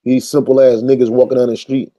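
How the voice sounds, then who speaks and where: Man, informal preacher, mellow tone, casual street talk, reads and rebuts text. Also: mid-range voice, level tone, fairly quick. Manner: stops to reread passages and argue back. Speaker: religious commentator. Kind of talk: informal preaching while reading an article aloud.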